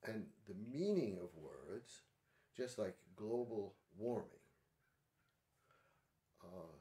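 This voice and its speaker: A man hosting a livestream, talking in a thoughtful, halting way with many pauses and restarts. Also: on the low side, lively intonation, dark tone, echoey room. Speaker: livestream host. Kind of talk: casual spoken commentary.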